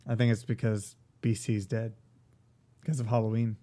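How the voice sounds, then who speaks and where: A man's voice: lowish voice, flat delivery, normal speed, warm tone. A man co-hosting a casual chat, talking through a cold with a stuffy, nasal voice and a joking, rambling manner. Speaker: podcast co-host.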